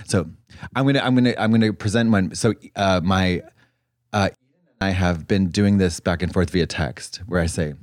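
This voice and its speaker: A man co-hosting a podcast in casual chat, campy and rambling, telling stories with drawn-out quotes. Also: low voice, darkish tone, dry recording, clean studio sound. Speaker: podcast co-host.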